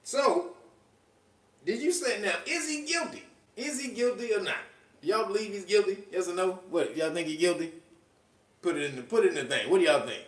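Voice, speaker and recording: Animated man in an echoey room. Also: high-pitched, normal speed. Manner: animated, laughs often, slangy and profane. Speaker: podcast host. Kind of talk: casual commentary. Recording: echoey room, distant from mic.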